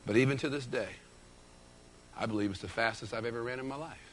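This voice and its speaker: A man delivering an emphatic, energetic motivational keynote with storytelling. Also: medium pitch, quick pace, slight background noise. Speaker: motivational speaker.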